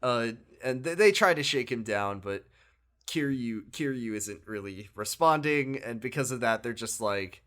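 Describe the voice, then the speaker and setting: A man's voice: mid-range voice, unhurried. Chatty podcast man retelling a game. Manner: animated, laughing, acts out characters' lines. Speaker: podcast co-host. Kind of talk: casual chat retelling a video game story.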